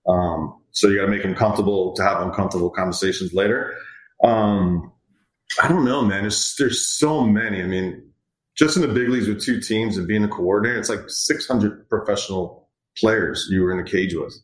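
A man's voice: lowish voice, brisk. A middle-aged man, a hitting coach, talking casually and rambling a bit as he tells stories about players. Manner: relaxed, rambling, acts out quoted players. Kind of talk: casual interview chat. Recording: echoey room.

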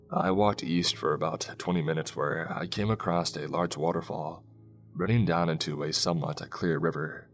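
A man narrating a first-person scary story in a slow, hushed way, with soft music behind him. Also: sits low. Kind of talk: scripted horror story narration. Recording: faint background music.

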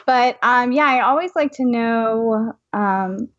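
A woman's voice: on the high side, takes it slowly, dry recording. Teasing woman on a dull, dry line. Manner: playful, teasing. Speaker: podcast co-host. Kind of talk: casual podcast chat.

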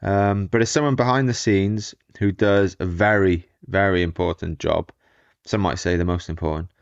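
A man with a lowish voice hosts a cycling podcast. He chats in relaxed, joking banter. The recording is close and dry. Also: moderate pace, vocal fry, no echo, dull audio. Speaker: podcast host. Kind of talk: casual chat.

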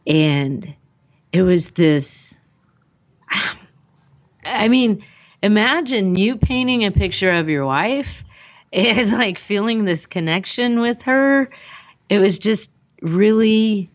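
A woman recounts a personal story conversationally in a medium-pitched, animated voice, going slowly with long pauses. She rambles, acts out the dialogue, and uses "like" frequently, and the recording is muffled.

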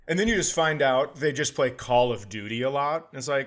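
A man's voice: mid-range voice, lively intonation, quick pace, few pauses. A man co-hosting a podcast in casual comedic chat, ranting with profane exaggeration. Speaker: podcast co-host.

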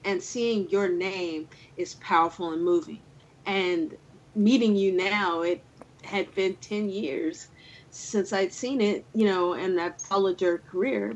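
A woman filmmaker talks through a heartfelt story over a video call, earnest and quick to laugh. Her voice sits in a middle range, and the call sound is slightly dull and lo-fi. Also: medium pitch, fairly even intonation. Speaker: filmmaker guest.

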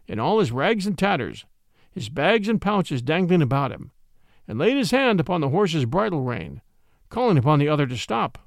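Expressive male storybook narrator, gravelly. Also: a little high, no room sound, clean studio sound. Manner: expressive, lilting. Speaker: audiobook narrator.

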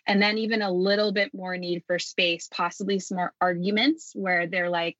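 A woman's voice: fairly low pitch, steady tone, normal speed, hardly any pauses, fairly bright tone, dry recording. A woman guest explaining parenting ideas in a thoughtful, conversational way. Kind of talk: casual conversation. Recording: dry, muffled lo-fi audio.

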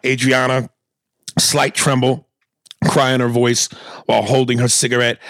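A man's voice: medium pitch, steady tone, a little slow, a bit bright, no echo. A man co-hosting a podcast, reading listener emails aloud in a dry, wry casual manner and stumbling into self-corrections. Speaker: podcast co-host.

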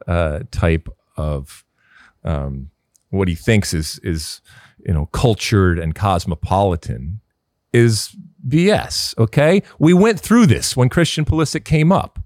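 A man's voice: sits low, a little mellow, dry recording, clean studio sound. Opinionated middle-aged man hosting a sports podcast. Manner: emphatic, opinionated, with many fillers. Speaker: podcast host. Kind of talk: casual sports talk.

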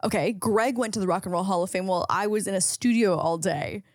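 A woman's voice: medium pitch, fast, no echo, studio quality. A woman from Canada, a podcast co-host who talks casually, laughs often and swears in surprise. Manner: animated, laughing, swearing exclamations. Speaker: podcast co-host, spelling bee contestant. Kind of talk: casual comedic chat.

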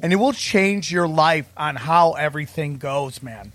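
A man's voice: a little high, lively intonation, measured pace, a bit bright, no echo. A man in casual conversation, talking earnestly and emphatically and saying "man" often. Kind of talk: casual chat.

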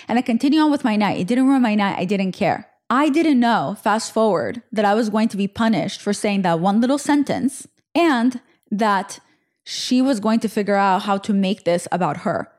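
A woman's voice: medium pitch, normal speed. Young woman host rambling through a story, chatty, lots of likes. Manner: chatty, animated retelling with fillers. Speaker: podcast host. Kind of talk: casual storytelling.

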